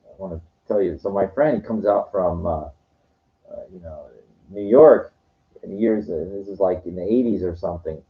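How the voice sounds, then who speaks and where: A man telling rambling stories in a casual monologue, swearing now and then. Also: sits low. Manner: rambling, profane storytelling. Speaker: vlogger. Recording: dull lo-fi recording.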